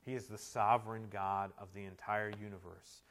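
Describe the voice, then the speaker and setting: A male pastor preaching a sermon, moving between loud emphatic climaxes and quiet, intimate stretches. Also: on the low side, level tone, normal speed. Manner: tells humorous anecdotes, shouting quoted amens.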